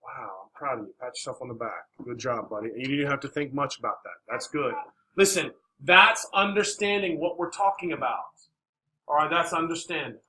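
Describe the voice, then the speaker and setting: Male teacher, classroom, bright tone, encouraging and coaxing. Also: medium pitch, brisk, low-quality recording. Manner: encouraging, coaxing questions, many "all right"s. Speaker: math teacher.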